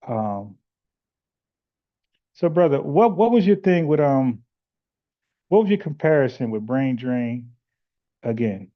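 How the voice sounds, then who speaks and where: A man's voice: medium pitch, big pitch swings, a little slow, long pauses. A man hosting a call-in podcast, talking bluntly and arguing his points, with lots of "like" and restarts in a casual chat style. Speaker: podcast host taking callers. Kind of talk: casual live-stream chat with callers. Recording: muffled lo-fi audio.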